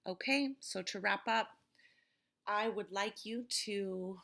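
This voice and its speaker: A woman teaching an English vocabulary lesson, speaking words slowly and clearly to explain word stress. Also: mid-range voice, fairly even intonation, fairly bright tone.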